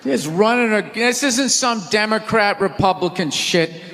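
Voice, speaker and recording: Stand-up comic, high-pitched bright tone, profane ranting, theater reverb with crowd. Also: male voice, measured pace. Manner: loud, exasperated, profane ranting. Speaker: stand-up comedian. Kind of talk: live stand-up rant. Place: large theater stage.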